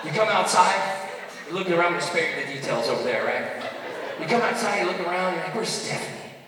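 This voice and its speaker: Animated young male stand-up comedian. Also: a little high, quick pace, noisy background. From United States. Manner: animated, punchy, asks the crowd for agreement. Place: large theater stage. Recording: echoey theater from far off, loud audience.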